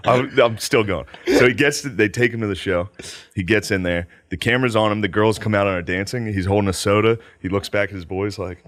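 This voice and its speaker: Animated guy telling a story, low voice that swings, dry close sound. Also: fairly quick, no echo. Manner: animated storytelling, laughs often. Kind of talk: casual chat.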